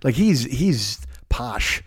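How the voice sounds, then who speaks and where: A man's voice: medium pitch, very animated, extremely slow, husky. A man with a Chicago accent and a radio voice, hosting a solo comedic podcast rant, rambling and profane with frequent restarts. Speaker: podcast host.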